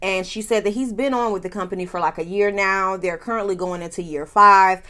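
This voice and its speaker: A woman recaps a reality show in a sassy, animated way. She laughs often and speaks straight to her viewers. Her voice sits at an ordinary middle pitch. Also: fairly quick. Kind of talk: casual recap commentary.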